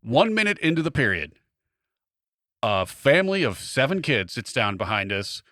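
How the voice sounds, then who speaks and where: A man's voice: medium pitch, moderate pace, no room sound, clean studio sound. A man co-hosting a podcast, a comedian telling a story in casual chat, acting out the quotes. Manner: animated, acts out quotes in other voices.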